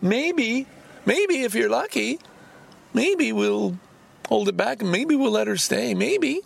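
A man's voice: very high-pitched, expressive, slow pace, vocal fry, breathy edge, pitched above the performer's own voice, exaggerated voice. A man mimicking a hand-wringing male church spokesman in a mocking singsong.

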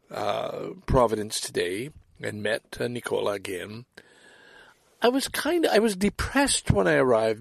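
Older man, Canadian accent, gravelly, dry close sound, rambling monologue, self-deprecating, swearing. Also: mid-range voice, no room sound. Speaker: podcast host.

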